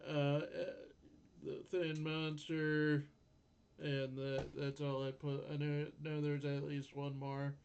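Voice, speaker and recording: A man's voice: on the high side, monotone, slow pace, a little mellow, muffled recording, slight background noise. A man casually talking through anime episodes with a friend, restarting words and chuckling between points. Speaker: podcast co-host. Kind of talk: casual anime recap chat.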